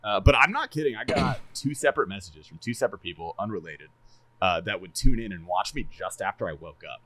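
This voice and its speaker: A man casually chatting on a podcast, animated and laughing a lot, swearing freely and stumbling over repeated words. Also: fairly low pitch, fairly quick, a little hiss or hum. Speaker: streamer and podcast co-host.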